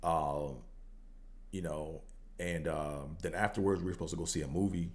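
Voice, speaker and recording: A man hosting a podcast, telling a casual story in a slangy, profane way and acting out both sides of the conversations with big jumps in pitch. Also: normal speed. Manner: animated, acts out quotes with big pitch jumps. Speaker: podcast host.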